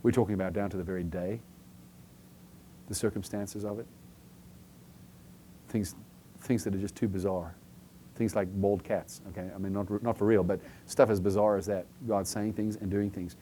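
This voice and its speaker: A man's voice: lowish voice, steady tone, moderate pace, pauses often, dark tone, slight background noise. A man preaching a conversational sermon, often asking "okay?" and acting out short everyday scenes to make his point. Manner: chatty, keeps checking in with "okay?" and acts out little scenes.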